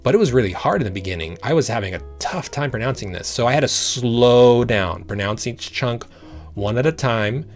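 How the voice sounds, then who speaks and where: A man teaching a language-learning method, patient and encouraging, slowly repeating sounds to show how it works. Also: medium pitch, expressive, faint music behind. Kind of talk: explaining a study method.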